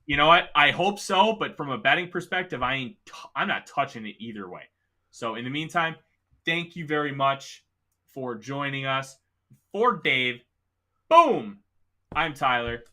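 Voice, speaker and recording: Male sports podcast host with the hiccups, bright and forceful, emphatic and opinionated. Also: mid-range voice, animated, a little slow. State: has the hiccups. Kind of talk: casual sports talk.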